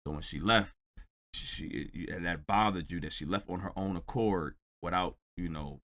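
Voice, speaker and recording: A man's voice: low-pitched, pushed and bright. A man hosting a reaction channel, recapping a video in a rambling, sarcastic way. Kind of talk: reaction commentary.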